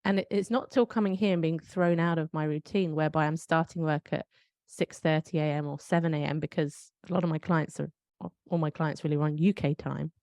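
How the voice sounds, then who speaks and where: Reflective British woman, lower voice, dry sound. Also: steady tone, brisk, darkish tone, no room sound. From United Kingdom. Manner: reflective, storytelling with self-questioning asides. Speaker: podcast co-host. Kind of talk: casual conversational chat.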